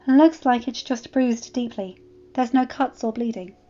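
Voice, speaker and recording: A woman voicing a calm female healer who speaks gently in a storybook reading. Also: fairly high pitch, a little slow, muffled recording, lightly acted.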